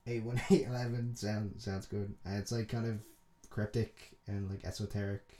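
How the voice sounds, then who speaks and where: A man's voice: lowish voice, little pitch movement, moderate pace, crowd noise. A young man with a Dublin accent, co-hosting a podcast in loose, rambling, sweary chat. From Dublin, Ireland. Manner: rambling, sweary, laughs a lot. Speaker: podcast co-host. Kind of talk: casual chat.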